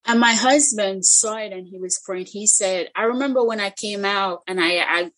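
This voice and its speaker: A middle-aged woman speaks as a guest, telling an emotional personal story of faith at a medium pitch. She is earnest and heartfelt, and often breaks off and restarts her sentences. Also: moderate pace, fairly bright tone, poor audio.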